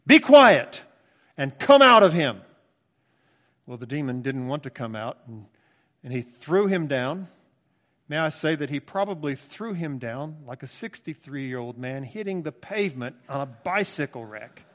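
A man's voice: medium pitch, lively intonation, normal speed. A man in his sixties preaching a conversational, emphatic sermon with asides in a church. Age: 60s. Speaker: pastor. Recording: long church reverb.

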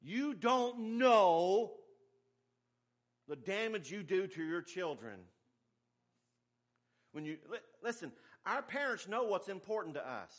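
Pastor, male, middle-aged; emphatic, folksy sermon delivery, slightly high-pitched. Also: big pitch swings, normal speed, a bit bright. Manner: folksy, emphatic preaching with asides and humor.

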